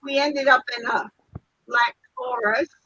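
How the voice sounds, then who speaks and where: A woman's voice: sits high, fairly even intonation, measured pace, pushed and bright, highs cut off. An older woman telling a story in a casual chat, laughing often and acting out other people's lines, heard over a video call. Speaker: guest.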